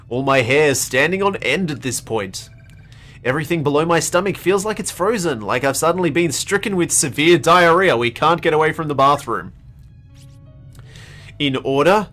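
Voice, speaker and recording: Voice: mid-range voice, lively intonation, moderate pace, fairly bright tone, faint music behind. A streamer giving a dramatic reading of horror game text, theatrical and prone to acted pleading and screams. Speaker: let's play streamer.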